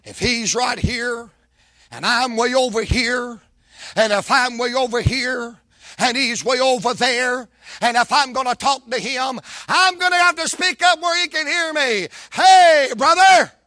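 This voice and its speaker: High-voiced preacher with dramatic swings. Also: male voice, unhurried, no echo, studio quality. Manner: dramatic, swings from shouts to whispers, folksy. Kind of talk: sermon.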